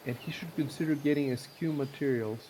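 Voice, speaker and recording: A man's voice: mid-range voice, fairly quick, mellow, a little hiss or hum, rough recording. A man running a tabletop game, explaining rules with many fillers and restarts. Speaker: game master.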